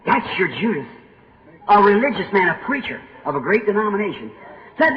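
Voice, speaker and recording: A man preaching a sermon, telling stories dramatically and swinging from hushed to shouting. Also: sits high, animated, brisk. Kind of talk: sermon storytelling. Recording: old echoey lo-fi sermon tape.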